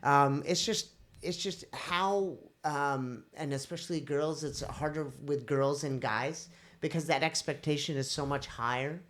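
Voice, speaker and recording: Podcast host, woman, casual animated storyteller who acts out voices. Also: low-pitched, unhurried. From India.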